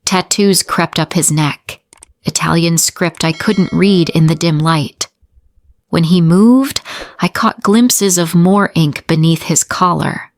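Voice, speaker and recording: A woman's voice: fairly low pitch, dry recording, clean studio sound. A woman narrating a first-person romance story, with dramatic pacing and short, broken fragments.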